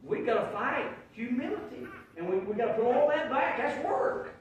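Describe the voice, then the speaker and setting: A man preaching a sermon as pastor, telling folksy stories and swinging from quiet asides to loud shouts. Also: very high-pitched, expressive, normal speed. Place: church sanctuary. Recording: very echoey church hall, mic far off.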